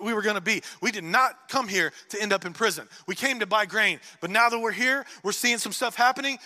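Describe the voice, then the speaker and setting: A male pastor preaching a sermon with dramatic storytelling, moving from hushed, near-whispered lines to loud, shouted ones. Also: high-pitched, a little fast, hardly any pauses. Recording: echoey church hall.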